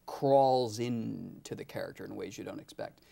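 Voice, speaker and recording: A woman hosting a talk show, putting a measured, probing question to her guest. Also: a bass voice, gravelly, warm tone. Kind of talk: interview question.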